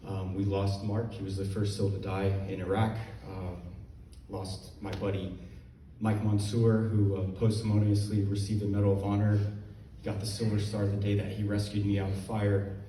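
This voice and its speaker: A man's voice: on the low side, level tone, normal speed, mellow. A man veteran giving a personal testimony, hesitant with many fillers and choked up at times. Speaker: veteran speaker. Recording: echoey room, distant mic, faint noise.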